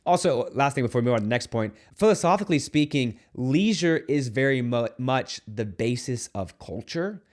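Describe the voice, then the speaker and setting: A man's voice: medium pitch, animated, moderate pace, few pauses, darkish tone. A man who is a Catholic priest, giving an earnest, conversational video homily to camera with playful asides. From United States.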